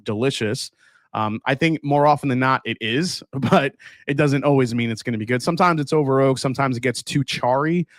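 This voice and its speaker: A man's voice: mid-range voice, no room sound. Guy on a livestream, laid-back chatty talk, lots of ums, dry sound. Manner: relaxed, chatty, many fillers and restarts. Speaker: livestream host tasting whiskey. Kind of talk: casual live chat reading viewer comments.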